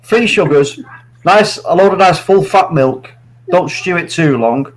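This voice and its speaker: A man's voice: fairly high pitch, a little slow, rough recording. A man bantering with mates, stammering and teasing. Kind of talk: casual banter.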